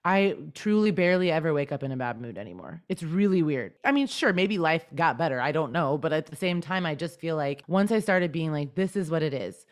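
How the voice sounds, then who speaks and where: A young adult woman chatting casually as a guest, animated, often slipping into lively voices to quote herself and others. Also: sits low, brisk, hardly any pauses. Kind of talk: casual chat.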